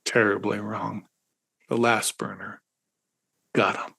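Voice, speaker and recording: A man's voice: little pitch movement, takes it slowly, creaky, pushed and bright, slightly rough. Man reading comic fiction dramatically. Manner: dramatic, swings into high pitch at comic peaks. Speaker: host and author. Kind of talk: reading satirical fiction aloud.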